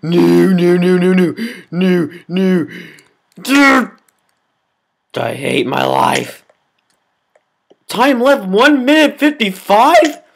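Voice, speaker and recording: A gameplay commentator who rages melodramatically at the game, groaning and yelling at every failure. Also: medium pitch, very animated, extremely slow, gravelly, pauses often. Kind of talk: raging let's-play commentary.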